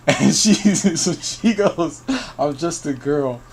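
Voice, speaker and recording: A man's voice: fairly high pitch, expressive, slow pace, creaky, slight background noise. Man laughing through a gaming story. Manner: laughs often, quotes chat messages. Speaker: host of a game news stream. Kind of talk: casual storytelling to call guests.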